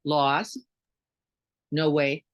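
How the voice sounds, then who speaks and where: A woman's voice: deep voice, flat delivery, very slow, no room sound, poor audio. A woman giving a conversational dharma talk as a meditation teacher, often checking in with listeners with questions and "right?". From Chicago, United States.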